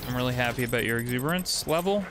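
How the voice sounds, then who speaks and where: Talking very fast in a mid-range voice, a young man plays a video game on stream, cursing freely and chatting with viewers. His casual commentary sits over background noise from game music and sound effects.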